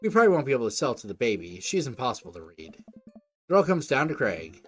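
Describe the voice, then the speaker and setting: A man's voice: medium pitch, sing-song, fairly quick. A young man, a let's play host, reading a dating game aloud with joking, crude asides. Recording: faint game music behind.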